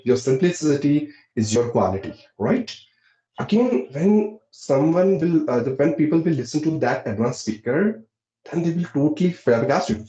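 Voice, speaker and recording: A young Indian man with an Indian English accent, hosting a casual discussion, talking earnestly with lots of fillers. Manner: earnest, lively pitch swings, many fillers. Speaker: host. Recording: echoey, dull lo-fi room sound.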